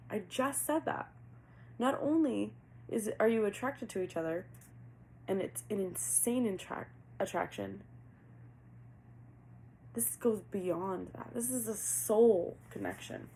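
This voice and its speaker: A woman's voice: mid-range voice, vocal fry, darkish tone, slight background noise, low-quality recording. A woman giving a casual tarot reading, earnest and heartfelt, talking as if she were channeling messages. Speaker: tarot reader.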